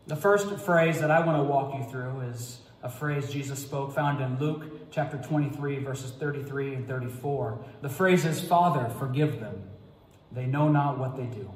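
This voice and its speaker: A man preaching as pastor in a Good Friday sermon, reading scripture in a slow, measured, solemn way. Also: medium pitch. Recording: echoey church hall reverb.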